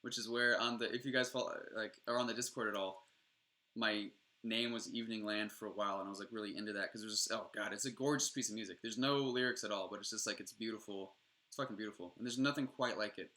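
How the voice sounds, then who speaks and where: A man's voice: fairly low pitch, fairly even intonation, fast talker, pushed and bright. A young adult man streaming, rambling casually and enthusiastically with frequent swearing.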